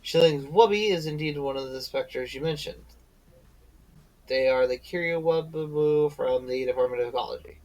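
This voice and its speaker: A man's voice: on the high side, moderate pace, darkish tone, poor audio. A tired man streaming a game, reading its dialogue aloud with slips and self-corrections, breaking off to chat and yawning.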